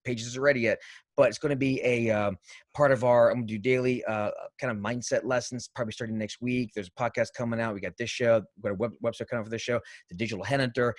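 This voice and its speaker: Male co-host, mid-pitched, energetic rambling chat, dry sound. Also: quick pace, no room sound. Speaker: podcast co-host. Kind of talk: casual live-stream chat.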